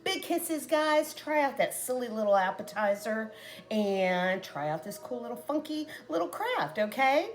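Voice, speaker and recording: A middle-aged Texan woman with a Texas accent chats casually with viewers as a craft and cooking vlogger, telling stories in an animated way. Her voice is a little high, and she talks at a moderate pace.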